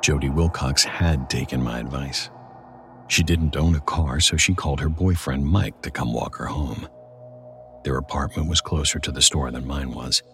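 A man with a very deep, low voice narrates a first-person horror story. His delivery is dramatic and measured, with soft music playing faintly under him.

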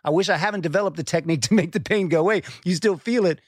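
A man's voice: high voice, very fast, no room sound, studio quality. A man speaking as a podcast guest, earnest and reflective, who swears casually and repeats words as he starts a thought. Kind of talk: conversational podcast talk.

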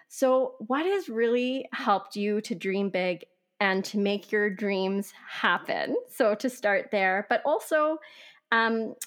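A woman hosting a podcast, chatting casually, affirming her guest and often repeating words. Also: medium pitch. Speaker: podcast host. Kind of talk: casual interview chat.

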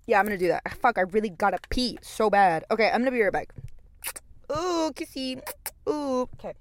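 A woman's voice: mid-range voice, rapid-fire. A young adult woman hosting a podcast in a casual, rambling monologue, full of profanity and fillers, and telling stories expressively. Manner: expressive storyteller. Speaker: podcast host.

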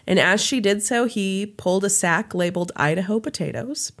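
A woman hosts a podcast and reads a story aloud in a relaxed, chatty way. She stops now and then for a laugh or a quick aside about the details. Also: medium pitch. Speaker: podcast host. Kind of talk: casual storytelling chat.

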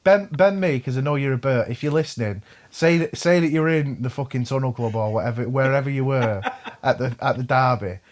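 A man talking as a podcast guest in casual chat, animated and full of sweary banter. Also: medium pitch, brisk.

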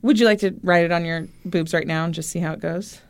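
A woman's voice: lowish voice, fast talker, clear, resonant tone. A woman co-hosting a podcast in casual chat, teasing her partner with cheeky quips. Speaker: podcast co-host.

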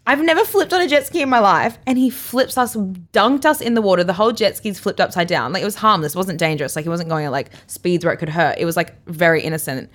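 Young aussie woman telling a story on a podcast, acts out the quotes, jumps way up high, laughs a lot. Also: fast talker, hardly any pauses. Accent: Australian. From Australia. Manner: animated, acts out quotes with big jumps in pitch, laughs often. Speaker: podcast co-host. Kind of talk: casual storytelling chat.

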